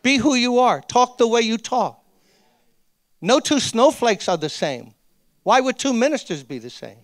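A man's voice: very high-pitched, very animated, unhurried, no room sound. A man preaching a sermon to fellow ministers in a church, speaking earnestly and conversationally, with emphatic repeated appeals. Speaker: pastor.

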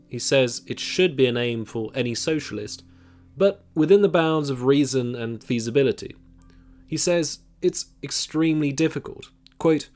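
A man giving scripted documentary narration on history, measured and reading quotations aloud, with faint music behind him. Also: medium pitch, a little mellow.

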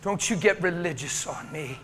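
Impassioned high-voiced male preacher in a church. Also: animated, normal speed. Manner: impassioned storytelling, swinging from hushed whispers to shouts. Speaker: guest preacher. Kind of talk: sermon. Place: church sanctuary. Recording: reverberant church hall, faint noise.

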